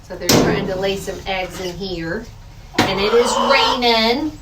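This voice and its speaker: Outdoors by a chicken coop in the rain, a woman vlogger chats in a homey, casual way to her viewers and her chickens. Her mid-range voice is unhurried and sounds distant and reverberant, with loud outdoor noise, clucking chickens and a rooster behind her.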